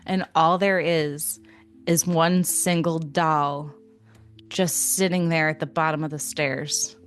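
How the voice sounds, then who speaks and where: A young adult woman telling a story on a podcast in a lively, chatty way, laughing often and filling gaps with fillers. Her voice sits fairly low for a woman, and faint music plays under her talk. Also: slow pace. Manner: animated, laughing retelling with many fillers. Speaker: podcast co-host. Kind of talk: casual storytelling chat.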